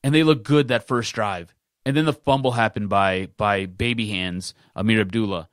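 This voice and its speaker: A man's voice: on the low side, moderate pace, fairly bright tone, no echo, clean studio sound. A man hosting a sports podcast, ranting in casual talk and repeating himself for emphasis.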